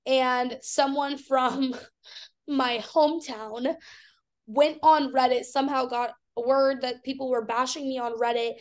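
High-voiced blunt young woman. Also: measured pace. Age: 20s. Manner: blunt, swears freely, animated retelling. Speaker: guest, fitness athlete. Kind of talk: candid interview talk.

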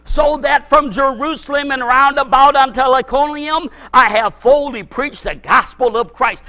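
A middle-aged man preaching a fervent sermon as pastor, moving from quiet talk to shouting and stacking repeated words as he builds. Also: very high voice, normal speed, hardly any pauses.

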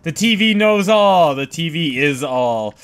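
A man giving let's play commentary, excitable and swearing a lot, yelping when startled. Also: a little high, a little slow. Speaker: gamer.

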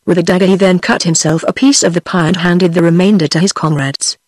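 A computer-generated woman's voice with a British accent, reading a fairy tale aloud in an even synthetic manner. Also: fairly low pitch, fast, no room sound. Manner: even synthetic reading of all parts in one voice. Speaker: narrator. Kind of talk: text-to-speech audiobook reading.

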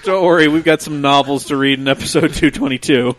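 A man's voice: fairly high pitch, a bit bright. A man hosting a casual podcast, making wry jokes and steering the episode to its close. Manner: wry, quick with jokes, wraps up the show. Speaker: podcast host. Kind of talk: casual chat.

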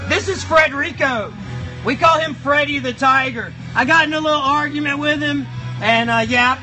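A man voicing a crude, foul-mouthed, grumpy male box monster who hosts a live stream with shouty, mock-outraged rants. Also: extremely high pitch, exaggerated voice, poor audio. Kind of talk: live stream chat in character. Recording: music playing behind the voice.

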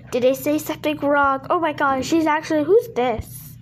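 Very high-pitched emotional young woman. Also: a little slow, a little hiss or hum. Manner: emotional, exclaiming and half-crying. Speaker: reaction video host. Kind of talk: reacting to a video and singing along.

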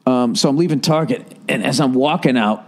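A man's voice: medium pitch, a little fast, vocal fry. A man in his forties hosting a podcast, telling comic stories in a casual, profane way and laughing at his own jokes. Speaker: podcast host. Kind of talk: casual comedic storytelling.

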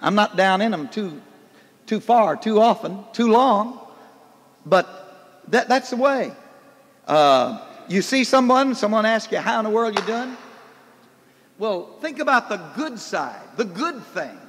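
An older man preaching a folksy, animated sermon, recorded in a church hall in the early 1990s. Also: high-pitched, unhurried.

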